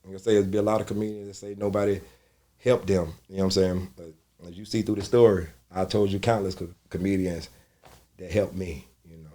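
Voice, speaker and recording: A middle-aged male comedian with a fairly low voice tells stories briskly in an easy, profane style, being interviewed in a casual storytelling format. His talk is relaxed and reflective, full of slang and asides to the listener, and he animatedly jumps into loud, high-pitched voices when quoting people.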